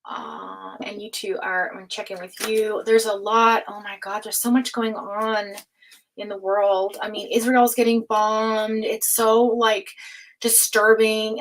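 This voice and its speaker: A woman hosting a live tarot stream, chatting casually with viewers, laughing often and speaking of energy and higher self. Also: slow, poor audio. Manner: chatty, reads out chat names and laughs often.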